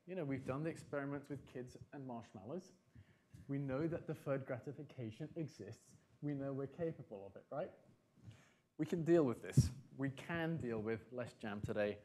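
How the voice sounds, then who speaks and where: A man giving a conference talk, animated and emphatic, repeating his key phrases for effect. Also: medium pitch. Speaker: conference speaker.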